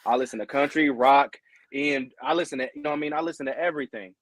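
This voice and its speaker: A man's voice: medium pitch, fast, no room sound. A young man chatting on a podcast in a rambling, earnest way, often tagging on "you know what I mean". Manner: earnest and heartfelt. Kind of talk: casual podcast chat.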